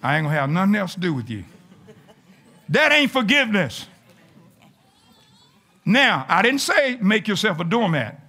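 A man, a pastor, preaching a folksy, animated sermon to his congregation in church, sometimes rising to shouts. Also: sits high, moderate pace, long pauses. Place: church sanctuary.

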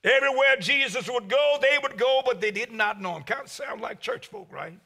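A man preaching a sermon as pastor, with a preaching cadence that swells to shouts and drops low. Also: very animated, brisk, vocal fry.

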